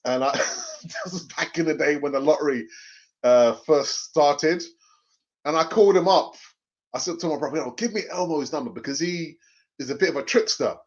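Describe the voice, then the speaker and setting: A middle-aged man, hosting a fan live stream, animated and jokey, laughing often and repeating phrases. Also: a little high, normal speed. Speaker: fan channel host reading live chat. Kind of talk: casual live-stream chat. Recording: dull lo-fi sound.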